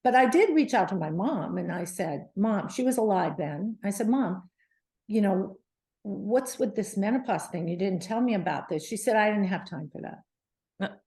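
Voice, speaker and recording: A middle-aged woman, a guest on an interview show, telling her story in a lively, animated way with many restarts. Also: mid-range voice, moderate pace. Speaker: guest, menopause advocate.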